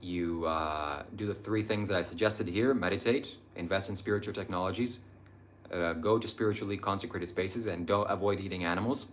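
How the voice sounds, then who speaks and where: A man's voice: low-pitched, a little fast, slight background noise. A young man hosting a live stream, answering viewer chat about spirituality in an earnest, meandering way with frequent hesitations.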